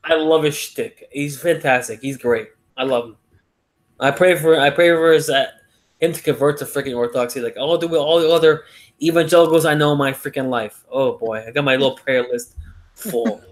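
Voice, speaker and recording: A man's voice: on the high side, fairly quick. A man co-hosting a podcast in casual chat, rambling with many fillers and repeated words. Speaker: podcast co-host.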